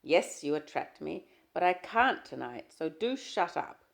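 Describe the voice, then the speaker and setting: A woman reading the lines of an irritable young husband in an audiobook, with loud, clipped, defensive retorts. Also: fairly low pitch, big pitch swings, a little slow, creaky, full character voice. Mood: exasperated. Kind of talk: audiobook character dialogue.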